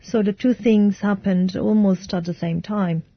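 Husky-ish woman doing translated voice-over, calm, dry muffled sound. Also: medium pitch, a little slow, no room sound. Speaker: interpreter voice-over.

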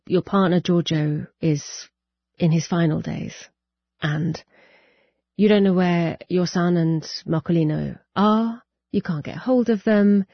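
A woman interviewing a guest, gently restarting her questions as she goes. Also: lowish voice, dry recording, dull audio.

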